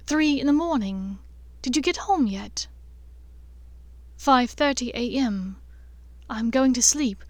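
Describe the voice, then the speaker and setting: A woman's voice: a little high, no echo. A woman voicing a worried young woman leaving anxious, frantic messages in a fan-fiction audiobook.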